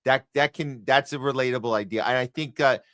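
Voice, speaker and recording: Male podcast host, casual and rambling, bright dry sound. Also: mid-range voice, steady tone, brisk, no room sound. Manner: rambling, encouraging, many restarts.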